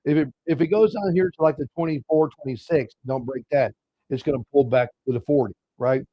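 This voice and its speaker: A man's voice: mid-range voice, a little fast, no echo, lo-fi sound. Casual man talking through trading charts. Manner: casual, talks to viewers as "guys", walks through chart levels. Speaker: trading show host. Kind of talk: live market commentary.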